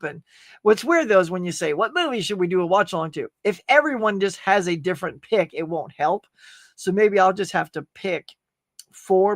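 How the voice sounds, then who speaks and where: A man's voice: high voice, a bit bright, dry recording, clean studio sound. A man hosting a casual livestream, chatting upbeat and rambling as he reads viewer comments. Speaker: livestream host. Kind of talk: casual live chat reading comments.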